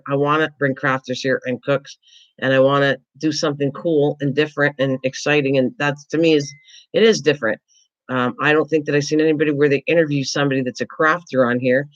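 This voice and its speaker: A woman's voice: low-pitched, highs cut off. A woman hosting a casual craft livestream, rambling and chatty, playfully teasing her viewers.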